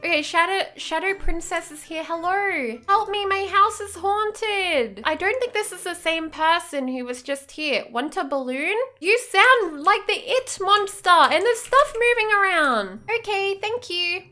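A woman gaming YouTuber role-playing as she plays, excitable and gasping as if scared. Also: very high voice, a little slow, hardly any pauses. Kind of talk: role-playing while playing a game.

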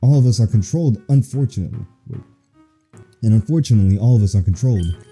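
A man's voice: lowish voice, animated, quick pace, dark tone, husky, soft background music. A man reading out the lines of an older male professor figure from a game, who speaks ominously about being controlled. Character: Professor Oak, older male scientist, gone strange and ominous.

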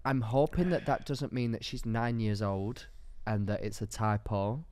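A man's voice: on the low side, steady tone, measured pace, a little mellow, clear, resonant tone, dry recording. A man co-hosting a podcast in casual comedic chat, playful and theatrical with crude jokes. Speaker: podcast co-host.

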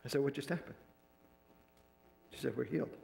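A man preaching to his church, mid-pitched and ordinary in tone. He tells a story from the pulpit and slips into the voices of the people he quotes. The sound carries the echo of a large room. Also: fairly even intonation, fairly quick, creaky, darkish tone, slight background noise. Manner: retells a counseling story, acting out quoted dialogue. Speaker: pastor. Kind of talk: sermon storytelling. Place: church sanctuary.

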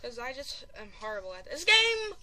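A woman giving live commentary over a video game, excitable and panicky, exclaiming and repeating herself and running herself down as a player. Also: sits high, normal speed, slight background noise. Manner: self-deprecating chatter. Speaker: gaming channel host.

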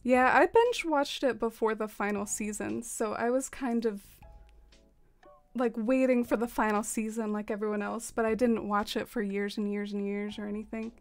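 A young woman streamer with a slightly high voice, chatting softly and loosely with her viewers as she plays. She rambles, leans on fillers and lets her thoughts trail off. Faint game music plays quietly behind her. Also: fairly even intonation, normal speed, dry recording. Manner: soft-spoken and rambling, many fillers and trailing off. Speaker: live streamer. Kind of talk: casual stream chat while playing a game.

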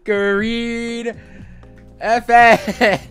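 A man's voice: extremely high pitch, level tone, over loud music. A young man of college age chatting casually over gameplay, giggly and teasing. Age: late teens. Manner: giggly, teasing, drawn-out delivery.

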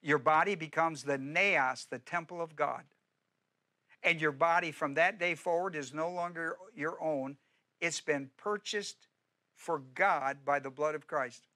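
Male pastor, middle-aged, bright voice a touch high, emphatic repetitive sermon delivery. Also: a little slow. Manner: emphatic, repetitive preaching with direct questions to the congregation.

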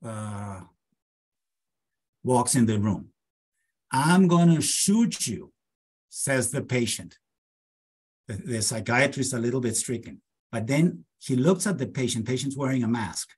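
A man in his late fifties, a psychiatry lecturer, talks through clinical case examples in a measured, deliberate way. He slows down for emphasis. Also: medium pitch, breathy edge. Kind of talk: academic lecture with case vignettes.

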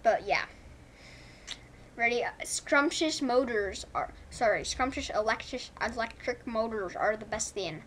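A young woman from Canada giving chatty, excitable commentary while playing a game at home, thinking aloud. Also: on the high side, a little slow, slight background noise. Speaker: gaming YouTuber. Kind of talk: casual gameplay commentary. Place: home room. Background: family's movie faint in background.

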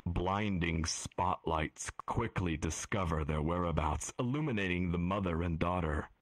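Solemn game-master narrator, male, deep and unhurried. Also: no echo. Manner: slow, solemn storytelling. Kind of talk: dramatic scripted narration.

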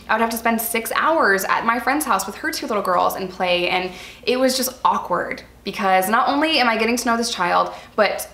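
A New York woman vlogger tells candid personal stories to her viewers, calling them "you guys" in an earnest, chatty way. Her mid-range voice sounds pushed and bright, and the room has a noticeable echo.

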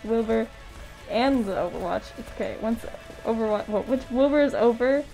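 A woman's voice: a little high, moderate pace, vocal fry, mellow, soft background music. A woman streaming a game live, chatting bubbly to her chat and laughing often. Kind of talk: live gameplay commentary.

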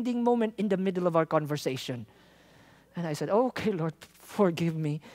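A man from the Philippines, a traveling missionary telling a lively testimony in a sermon, laughing often and acting out the people in his story. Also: high voice. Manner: animated, laughs often, acts out quoted lines.

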